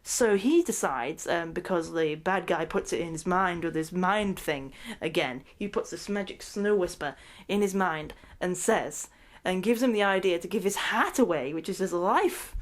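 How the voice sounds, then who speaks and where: Excitable rambling woman. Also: fairly low pitch, normal speed. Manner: rambling, excitable, laughs often mid-sentence. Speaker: movie reviewer. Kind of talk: ranting movie recap.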